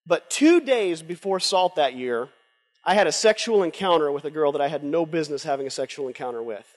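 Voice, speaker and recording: A man's voice: fairly high pitch, lively intonation, fairly quick. Impassioned male preacher in echoing hall. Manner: impassioned, swinging between loud urging and hushed confession. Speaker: conference speaker. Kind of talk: sermon. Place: large conference hall with a live audience. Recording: long hall reverb from a live event.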